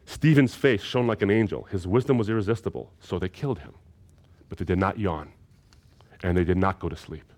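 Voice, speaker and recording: A man's voice: low voice, brisk, darkish tone. A man lecturing in a recorded seminary course, emphatic and fond of repeating key phrases.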